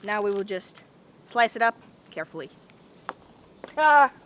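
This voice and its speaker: A woman's voice: medium pitch, a little fast, fairly bright tone, slight background noise. A young woman making a casual daily vlog, chatty and rambling, often repeating herself and saying "like". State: out of breath. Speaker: vlogger.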